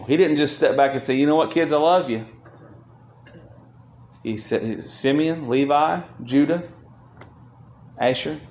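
A man's voice: medium pitch, a little mellow. A man preaching a sermon as pastor, speaking earnestly and swelling with feeling when he reads scripture aloud. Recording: roomy echo.

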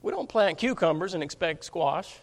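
A man's voice: high voice, lively intonation, normal speed. A man preaching a sermon as pastor, emphatic, often asking his congregation rhetorical questions.

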